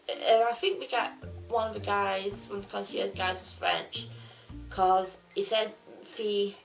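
A woman's voice: mid-range voice, vocal fry, poor audio. A woman vlogger telling a story casually, rambling and restarting with plenty of fillers.

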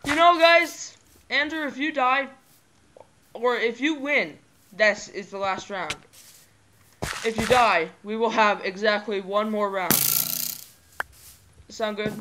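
High-voiced guy calling a game. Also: slow pace, pauses often. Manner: excitable, yells when surprised. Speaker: host. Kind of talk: casual game commentary with friends. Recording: noisy home mic with clicks.

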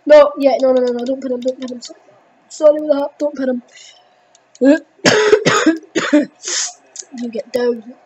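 A teenage girl, commenting on her gameplay in an excitable, rambling way with lots of fillers. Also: high voice, a little fast, husky, rough recording. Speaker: gaming video host.

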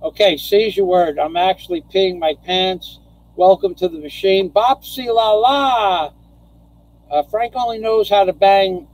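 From his home in the Philippines, a man hosts a casual live stream, chatting with viewers, laughing often, and ranting with profanity. His voice is high-pitched with a darkish tone, and the recording is dry and rough.

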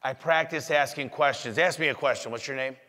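A man giving an energetic motivational business talk to an audience, acting out sales conversations as he goes. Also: medium pitch, a little fast. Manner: energetic, acts out customer dialogue. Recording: echoey hall.

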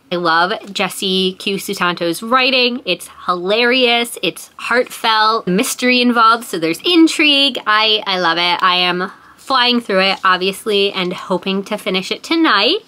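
A bright-voiced young woman talks casually to her viewers, chatty and enthusiastic. Her tone is crisp and forward, easygoing in a book vlog setting. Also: medium pitch. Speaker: book vlogger.

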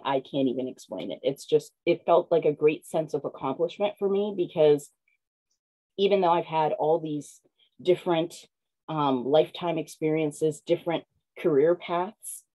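Excitable woman author, low mellow voice. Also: low-quality recording. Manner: excited, animated storytelling with lots of fillers. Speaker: picture book author, guest. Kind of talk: casual video-call interview.

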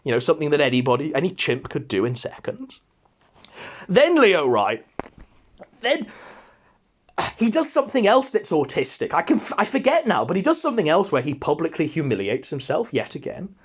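A man's voice: fairly high pitch, big pitch swings, normal speed, breathy edge. A man hosting a podcast, ranting in a mocking, scornful way. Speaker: podcast host. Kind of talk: casual ranting commentary.

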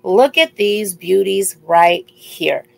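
A woman's voice: medium pitch, lively intonation, slow, vocal fry, a little mellow, rough recording. A woman hosting a live jewelry sale, chatting casually and repeating item numbers as she shows each piece. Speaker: live-stream jewelry seller. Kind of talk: casual live sales chat.

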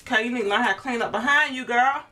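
A woman's voice: a little high, rapid-fire, bright, forceful tone. A woman hosting a casual family vlog at home, a mother who teases and laughs often. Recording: noisy home recording.

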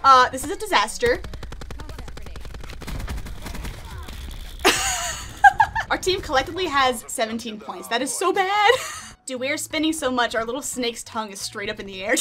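A woman's voice: high-pitched, big pitch swings, a little fast, bright, forceful tone, a little hiss or hum. A young woman chatting and giggling through a video game, talking sweetly to her pet snake. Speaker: gaming YouTuber. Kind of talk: casual gameplay commentary.

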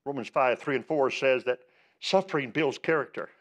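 A man's voice: mid-range voice, moderate pace. A male pastor preaching a sermon, emphatic, asking rhetorical questions and rising on the words he stresses.

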